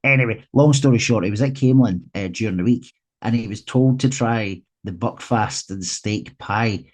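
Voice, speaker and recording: A man's voice: fairly low pitch, normal speed, a little mellow. A Scottish man co-hosting a casual football podcast, telling anecdotes in an easygoing way. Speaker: podcast co-host.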